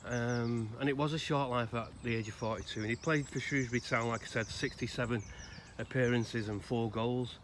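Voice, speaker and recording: Standing in a cemetery, a Salford-born grave-visiting vlogger tells a story as an informal tribute, his middling-pitched voice holding a steady tone. The delivery is loose and conversational, broken up by frequent pauses, and distant traffic plus clear outdoor sound run underneath.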